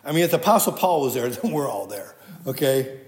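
A man's voice: mid-range voice, very animated, a little fast, darkish tone. Preaching man in an echoey hall. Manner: conversational, many restarts, quotes scripture. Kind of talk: sermon. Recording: echoey hall with long reverb.

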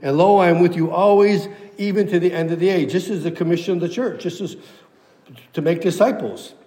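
A man's voice: sits high, brisk, dark tone, roomy sound, big-room sound. A pastor preaching a sermon to his church, emphatic and repeating key phrases for weight.

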